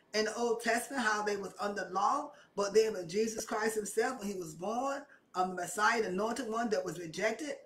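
A woman's voice: mid-range voice, a bit bright, slight background noise. A woman preaching a sermon with impassioned, repetitive emphasis that rises and presses her points. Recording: echoey room, mic at a distance.

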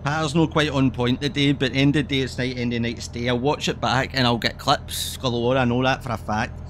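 A man's voice: mid-range voice, fairly even intonation, fairly quick, a bit bright, a little hiss or hum. A man giving casual, rambling commentary while playing a driving game, swearing freely as he chats. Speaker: streamer.

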